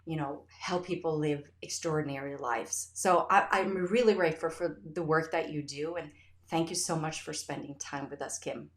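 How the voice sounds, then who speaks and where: A woman's voice: low voice, fairly even intonation, normal speed. Effusive woman host in a roomy echo. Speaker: podcast host. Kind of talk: casual interview chat.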